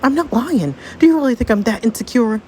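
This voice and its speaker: A woman voicing a pregnant teenage girl who clings to her boyfriend and pleads in a high voice. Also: animated, fairly quick, dark tone, a little hiss or hum, natural voice. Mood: defensive.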